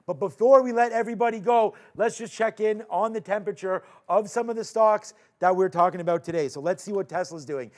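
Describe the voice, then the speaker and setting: Between stock calls on his live market recap show, this Canadian host keeps things casual, upbeat and full of jokes and quick asides. His voice is high-pitched with a darkish tone.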